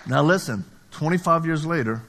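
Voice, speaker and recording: A middle-aged man from Louisiana preaching a live sermon, telling stories and acting out the dialogue, his voice jumping high for emphasis. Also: moderate pace, slight background noise. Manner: animated, acts out dialogue, pitch jumps high for emphasis. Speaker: pastor.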